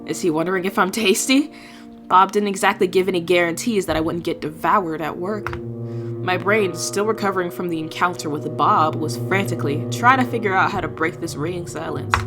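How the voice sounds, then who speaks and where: A game streamer with a lowish voice reads a visual novel aloud, giving voice to the heroine's thoughts and slipping in wry, self-mocking asides.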